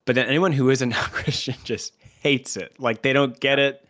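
A man with an ordinary mid-range pitch co-hosting a relaxed comedy podcast. He laughs easily and drops wry one-liners into the conversation. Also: normal speed, hardly any pauses. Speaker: podcast co-host. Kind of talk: casual comedic chat.

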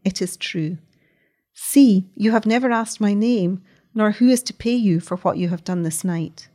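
A woman voicing a distressed, weary noblewoman who speaks low, with a moan in her voice, in a read-aloud story. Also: measured pace, mellow, natural voice. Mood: anguished. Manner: low and moaning.

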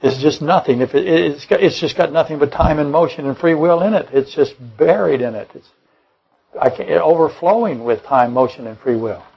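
A man's voice: a little high, moderate pace, vocal fry, a little mellow, slightly rough, low-quality recording. A man preaching a Bible-study sermon, rambling and correcting himself mid-sentence, firing off rhetorical questions and dropping joking asides. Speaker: pastor.

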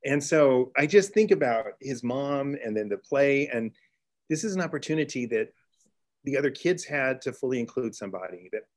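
A middle-aged man from Texas, a teacher telling a classroom story in an interview, earnest, with restarts and excited bursts. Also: medium pitch, normal speed. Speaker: teacher and author guest. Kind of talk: storytelling in conversation.

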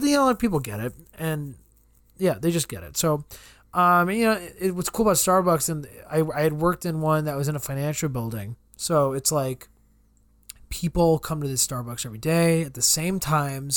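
In studio-quality audio with no echo, a podcast co-host with a fairly high voice spins a long, meandering story in casual conversation. He voices customers in quotes and swears freely.

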